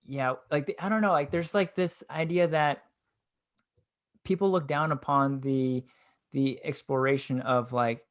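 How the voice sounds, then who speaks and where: A young man co-hosting a casual podcast, thinking aloud in a reflective way. He leans on filler words as he works through his points. His voice sits at a middle pitch. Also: fairly even intonation, a little slow. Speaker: podcast co-host.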